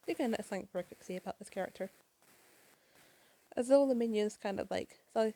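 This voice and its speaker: Chatty woman narrating a comic, gravelly. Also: fairly high pitch, normal speed, dark tone, poor audio. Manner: chatty, swears, asides to viewers. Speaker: comic reader. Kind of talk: casual comic read-along with commentary.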